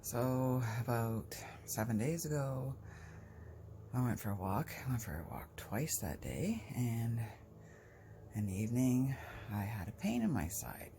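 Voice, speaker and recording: Slow gravelly woman vlogging. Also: rumbling low, sing-song, dark tone, a little hiss or hum. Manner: rambling, chatty, breaks off to talk to pets. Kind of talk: casual storytelling.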